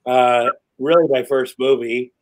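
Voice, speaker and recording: A man on a podcast as a guest, telling rambling, animated stories, swearing and laughing as he goes. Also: medium pitch, unhurried, low-quality recording. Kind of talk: casual chat.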